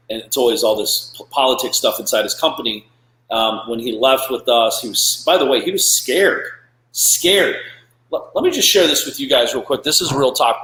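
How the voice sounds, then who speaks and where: Male host, live business talk, blunt and salty, animated delivery, roomy echo. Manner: blunt, profane and animated, with frequent "blah, blah" and "boom". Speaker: podcast host.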